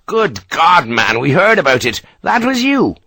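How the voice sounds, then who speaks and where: A man voicing an ebullient, middle-aged Irish engineer captain who speaks briskly and emphatically, with an Irish accent. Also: mid-range voice, lively intonation, fairly bright tone, dry recording.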